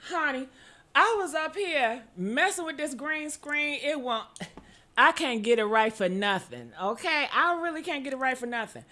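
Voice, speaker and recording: A high-pitched woman with a bright, sharp tone hosts a chatty gossip stream. She talks straight to her viewers and keeps calling them honey. She breaks into sudden whooping cries. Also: sing-song, moderate pace. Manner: exclamatory, calls out to viewers with "honey" and "okay?". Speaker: gossip show host. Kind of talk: casual livestream gossip chat.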